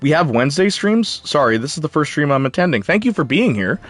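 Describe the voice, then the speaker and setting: Animated young male streamer chatting. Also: fairly high pitch, fast talker, soft background music. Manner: chatty, jumpy, talks back to chat. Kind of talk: casual live stream chat, reading viewer comments.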